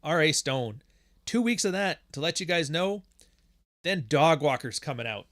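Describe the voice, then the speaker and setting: A man's voice: on the high side, animated, normal speed, a bit bright, no room sound, clean studio sound. A man hosting a livestream podcast in casual chat, rambling and joking with plenty of swearing. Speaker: podcast host.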